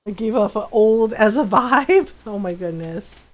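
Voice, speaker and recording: A woman streamer chats casually while gaming, telling stories full of laughter and acting out what people said. Her mid-range voice is animated and a little slow.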